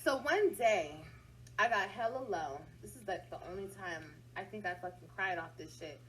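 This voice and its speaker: A woman's voice: mid-range voice, animated, normal speed, a bit bright, slight background noise, rough recording. A woman hosting a casual livestream, venting bluntly and swearing heavily as she talks straight to her viewers. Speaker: livestream host.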